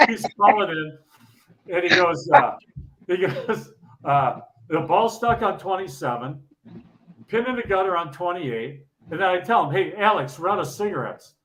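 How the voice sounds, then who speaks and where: A high-voiced man spinning old bowling-tour stories in a loose podcast chat. He laughs as he talks and doubles back on his words, stacking one "he goes" on the next. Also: fairly bright tone. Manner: laughs often, repeats words while telling stories. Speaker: retired bowling pro guest. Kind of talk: casual storytelling chat.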